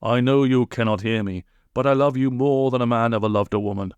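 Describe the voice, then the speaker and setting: A man's voice: mid-range voice, brisk, darkish tone, smooth, no echo, muffled recording, close to an everyday voice. A man voicing a polite, eccentric young man who talks in grand, dotty phrases. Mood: dramatic. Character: cheerful eccentric young man, odd and chatty.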